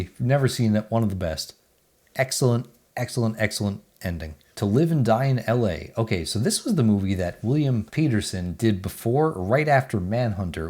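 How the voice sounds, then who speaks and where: A man's voice: fairly low pitch, darkish tone. A man, giving casual, blunt movie reviews in a chatty, offhand way. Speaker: movie reviewer, channel host.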